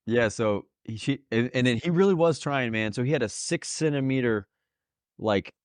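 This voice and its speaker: A man's voice: medium pitch, lively intonation, normal speed, clean tone, no echo, studio quality. A young man casually telling a personal story on a podcast, earnest and emotional and laughing often. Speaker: podcast host, new father.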